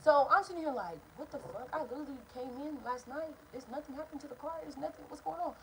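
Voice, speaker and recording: A woman in her twenties telling a profane, animated storytime to camera from home. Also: high-pitched, fast, a little hiss or hum, rough recording. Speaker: vlogger. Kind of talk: storytime vlog. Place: at home indoors.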